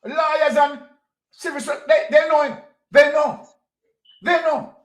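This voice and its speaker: A fiery Jamaican-accented commentator delivers an impassioned political rant, hammering home each point with repetition and challenging questions. The delivery is deliberate and unhurried, and the voice carries a noticeable echo from the room. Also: high-pitched, fairly even intonation. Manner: fiery, repeats points, fires rhetorical questions. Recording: roomy echo.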